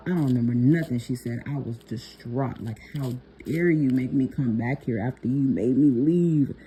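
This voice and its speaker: Low, mellow-voiced young woman chatting. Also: husky. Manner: chatty, laughs often, addresses viewers as y'all. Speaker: nail technician. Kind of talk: casual storytelling vlog.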